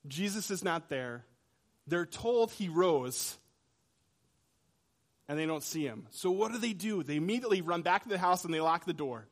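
A man preaching a sermon in a conversational way, swinging between loud emphasis and quiet, hushed lines. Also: high voice. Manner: dramatic shifts between loud and soft. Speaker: pastor.

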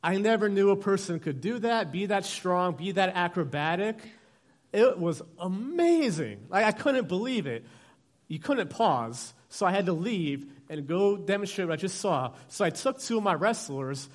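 A male pastor opening a sermon with an animated personal story, acting out the dialogue. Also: sits high, moderate pace.

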